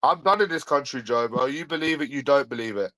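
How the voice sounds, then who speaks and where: A man's voice: medium pitch, quick pace, bright, forceful tone, no room sound, low-quality recording. A man with a London accent ranting in a repetitive, sweary, sarcastic monologue. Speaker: vlogger.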